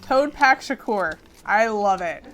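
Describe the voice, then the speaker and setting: A woman's voice: medium pitch, animated, takes it slowly, fairly bright tone. A woman hosting a gameplay stream, playful and chatty while she plays and reads the chat. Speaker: stream host.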